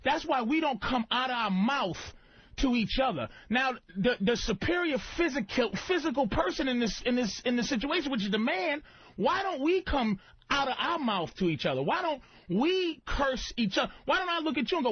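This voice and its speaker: A man's voice: extremely high pitch, sing-song, normal speed, husky, no echo, highs cut off. A man hosting a radio show, ranting with profanity and heavy emphasis. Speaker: radio host. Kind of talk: comedic radio rant.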